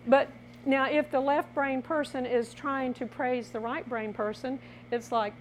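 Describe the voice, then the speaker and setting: Woman workshop presenter, animated and playful, acts out examples, slightly high pitch. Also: measured pace, a little hiss or hum. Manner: animated, laughing, acts out little scenes. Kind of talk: lively seminar teaching.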